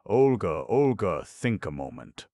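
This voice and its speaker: A man voicing a gentle, weary nobleman who speaks in a quiet, resigned way. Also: low-pitched, expressive, unhurried, no room sound, studio quality. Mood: alarmed.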